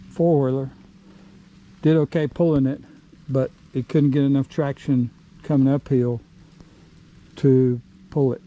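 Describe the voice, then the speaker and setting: A man's voice: medium pitch, mellow, dull audio. A middle-aged man out of breath, rambling plainly while he works outdoors in the woods and vlogs. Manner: rambling, plain-spoken, pauses and restarts. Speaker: vlogger. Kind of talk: casual outdoor work vlog.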